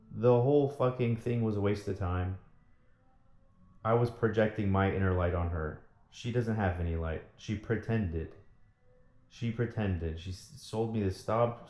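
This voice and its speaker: A man's voice: lowish voice, darkish tone. A man in a bitter, profane personal rant about a former partner, often repeating himself. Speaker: vlogger. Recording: echoey room.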